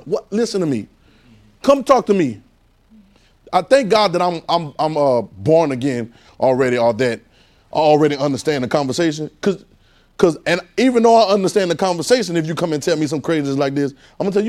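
A man preaching a conversational sermon, animated and repetitive, firing rhetorical questions at his congregation. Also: on the high side, a little fast.

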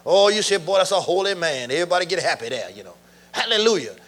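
A middle-aged man preaching a sermon, animated, laughing and shouting as he goes. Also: sits high, fast talker.

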